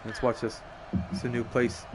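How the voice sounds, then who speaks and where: A young man giving casual, profane live commentary on a racing game, excitable and often laughing. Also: mid-range voice, moderate pace, noisy background. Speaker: streamer.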